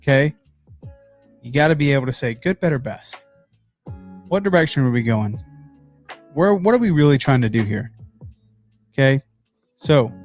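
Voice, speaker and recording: Guy hosting a pumped-up business pep talk from his home office, soft music in the back. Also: mid-range voice. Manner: energetic, emphatic, addresses viewers as guys. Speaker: host.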